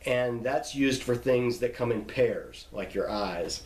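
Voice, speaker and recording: A man teaches in a relaxed lecture, slowing down to spell out names and repeat the key points. His voice sits at an ordinary middle pitch. The sound carries a noticeable room echo. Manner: patient, repeats and spells out words. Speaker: Bible teacher. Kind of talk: informal classroom lecture. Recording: echoey room.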